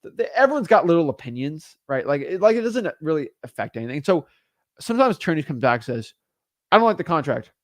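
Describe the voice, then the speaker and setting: Animated man coaching, dry close sound. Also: on the high side, dry recording. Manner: animated, exasperated, acts out sellers and attorneys in quick asides. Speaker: real estate wholesaling coach. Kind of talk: casual teaching monologue.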